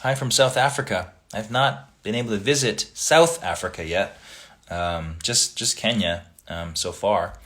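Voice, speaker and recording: A man hosting a casual livestream, reading viewer comments aloud and chatting back in a relaxed, friendly way. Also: on the low side, unhurried. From Italian family background.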